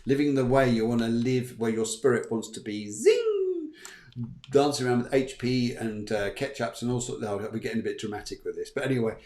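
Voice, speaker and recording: A man's voice: medium pitch, fairly even intonation, fast talker, hardly any pauses, darkish tone, reverberant. Upbeat chatty male medium host. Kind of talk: live online reading show.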